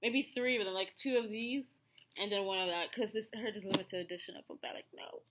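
A woman's voice: mid-range voice, steady tone, brisk, background noise. A woman in her thirties with an Ethiopian accent, chatting casually through a snack review with many fillers and restarts. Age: 30s. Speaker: vlogger.

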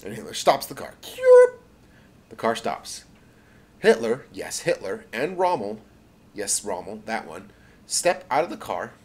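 A man tells a made-up tale in a low voice that swings widely in pitch. He rambles, stumbles over words and corrects himself, stopping for asides before pushing on with the story. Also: sing-song, unhurried, slightly rough. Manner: rambling, self-correcting, many fillers and asides. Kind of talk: improvised spoken storytelling.

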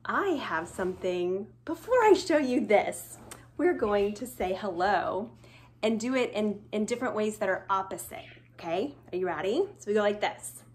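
A young woman teaching small children in a slow, sing-song, playful way, with exaggerated hellos. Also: mid-range voice, lively intonation. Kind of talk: children's video lesson.

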